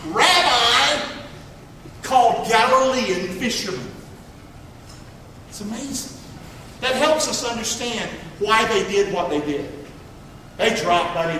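Man preaching, high voice, long reverb, heard from far off, swings from soft to loud. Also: a little hiss or hum. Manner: preaching with big swings from quiet to near-shouting; reads scripture aloud and calls for congregation response. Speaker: pastor. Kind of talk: sermon. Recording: echoey hall, distant mic.

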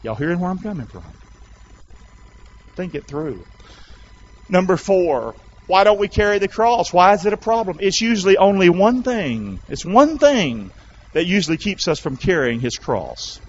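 A male pastor preaching a sermon, calling out to the congregation and rising to shouts. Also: sits high, big pitch swings, moderate pace, breathy edge, lo-fi sound. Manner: loud call-and-response preaching, rising to shouts.

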